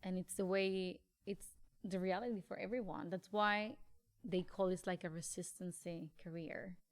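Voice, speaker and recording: A woman's voice: fairly low pitch, steady tone, moderate pace. A woman from Mexico with a Mexican Spanish accent, a guest chatting casually in an interview and often filling with "like". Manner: chatty, leans on "like" as a filler. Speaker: actress and guest.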